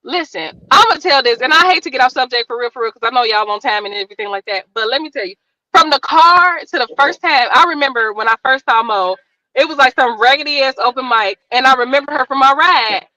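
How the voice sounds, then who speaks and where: A woman comedian telling stories on a podcast, animated and profane. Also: sits high, fast, no echo, low-quality recording. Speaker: stand-up comedian, podcast guest. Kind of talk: casual podcast chat, storytelling.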